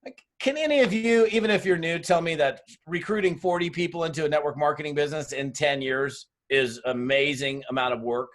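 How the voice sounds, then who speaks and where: A middle-aged man speaking on a webinar as a network marketing trainer, with a fairly high voice. He talks bluntly and toughly, telling stories and acting out both sides of the dialogue. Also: a little fast, few pauses, fairly bright tone. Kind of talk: motivational webinar talk. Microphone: webinar mic.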